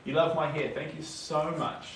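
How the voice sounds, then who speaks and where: Fairly high-pitched and gravelly, this young New Zealand man speaks in a level tone at moderate pace, his New Zealand accent clear. He paints on a live stream, chatting casually, responding to viewer comments, and muttering as he works. Sound is echoey, noisy, and distant-miked.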